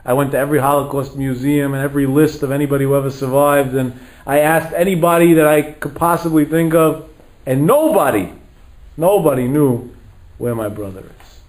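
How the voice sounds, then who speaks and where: A man's voice: on the high side, a little fast, darkish tone, poor audio. Dramatic storytelling rabbi, man. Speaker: rabbi lecturer. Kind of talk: storytelling sermon.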